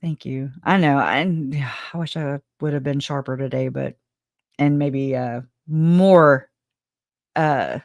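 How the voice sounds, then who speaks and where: A woman's voice: a bass voice, steady tone, unhurried, darkish tone, no room sound, studio quality. Rambling, laughing woman livestream host. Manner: rambling, laughs often, swears casually; emotional, grateful. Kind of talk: casual livestream chat, reading viewer comments.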